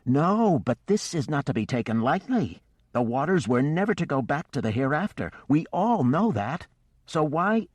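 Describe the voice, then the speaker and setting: A man's voice: on the high side, sing-song, normal speed, a little mellow, slightly rough, no echo, pitched above the performer's own voice. A man voicing an intense female fish-folk sea skipper who questions insistently. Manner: probing, insistent.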